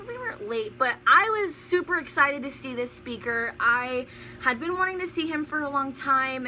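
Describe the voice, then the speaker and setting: A young woman telling a personal story in a storytime vlog, animated and often laughing. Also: high voice, a little hiss or hum. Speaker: vlogger.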